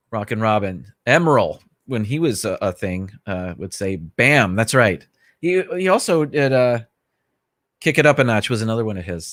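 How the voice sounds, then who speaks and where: A man's voice: fairly low pitch, fairly bright tone, no echo. Chatty male livestream host, dry sound. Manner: chatty, rambling, greets viewers by name; easygoing, self-correcting asides. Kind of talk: casual livestream chat. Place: small home studio.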